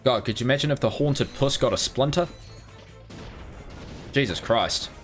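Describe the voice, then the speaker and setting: A man's voice: mid-range voice, normal speed, soft background music. A man streaming a video game, rambling through crude jokes in casual commentary.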